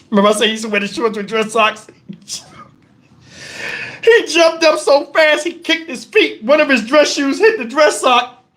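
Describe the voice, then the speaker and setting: A man hosting his channel, telling profane stories to viewers in a casual, animated way and breaking into laughter. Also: very high voice, unhurried, pauses often. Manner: talks straight to the audience with questions. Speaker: channel host telling stories to a live chat.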